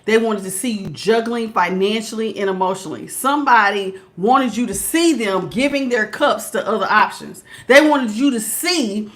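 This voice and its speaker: A woman giving a casual tarot reading at home, talking straight to her viewers in an animated, slangy way. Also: on the high side, moderate pace, few pauses. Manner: animated, talks straight to viewers with Southern-style slang and bursts of laughter. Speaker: tarot reader.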